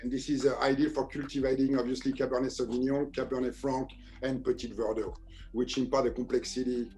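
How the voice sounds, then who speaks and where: A man's voice: medium pitch, flat delivery, a little fast, warm tone. French-accented man talking wine facts. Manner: hesitant, many fillers, factual. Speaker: wine merchant guest. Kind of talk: casual chat on a video tasting.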